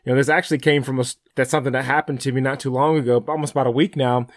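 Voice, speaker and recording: A man's voice: medium pitch, steady tone, very fast, no room sound, clean studio sound. A man co-hosting a faith radio show, telling a story in an earnest, rambling, chatty way. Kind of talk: casual faith broadcast storytelling.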